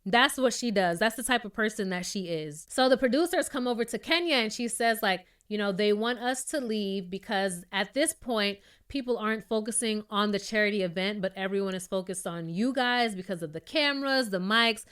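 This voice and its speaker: A woman's voice: mid-range voice, moderate pace, hardly any pauses, fairly bright tone, smooth. A young adult woman recapping a reality TV episode in a casual, opinionated rant full of rhetorical questions. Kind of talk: casual ranting show recap.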